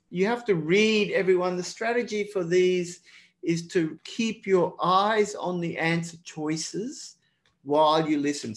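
A man teaching a live online exam prep class in a casual, chatty way, often calling out to everyone. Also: fairly high pitch. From not British. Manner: chatty, keeps addressing everyone.

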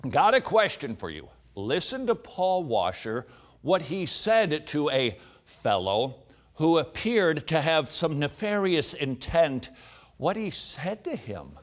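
A male host speaks slowly and thoughtfully, his pitch moving widely as he muses. The delivery is relaxed and conversational, framing a story for his viewers. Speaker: show host. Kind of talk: reflective commentary.

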